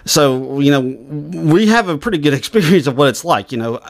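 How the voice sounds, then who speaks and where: A man with a mild Southern US accent, co-hosting a podcast in casual chat, talking fast and rambling with restarts. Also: fairly high pitch, animated, creaky. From Southern United States. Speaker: podcast co-host.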